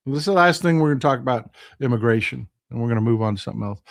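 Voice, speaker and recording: A man's voice: mid-range voice, very fast, few pauses. Impassioned Texan man hosting a live stream. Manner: impassioned, swings from loud outrage to quiet hushed replies. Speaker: live stream host reading viewer comments. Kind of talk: casual political live stream commentary.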